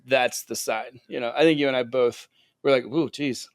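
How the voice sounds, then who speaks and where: A man's voice: mid-range voice, fairly even intonation, a little fast, clear, resonant tone, no echo. A man co-hosting a casual podcast, easygoing and hesitant, laughing a lot. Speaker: podcast co-host. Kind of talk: casual conversational podcast chat.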